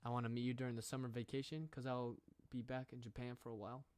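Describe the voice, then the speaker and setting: A man's voice: medium pitch, little pitch movement, quick pace, darkish tone, a little hiss or hum. A young American man streaming from home, chatting casually with viewers in a playful, rambling way and reading the chat aloud. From United States. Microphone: studio microphone.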